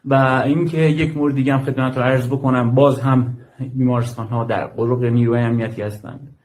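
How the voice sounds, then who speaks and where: A man who works with an aid group gives formal testimony in an interview, with frequent pauses and fillers. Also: medium pitch, little pitch movement, a little mellow. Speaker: guest, aid worker.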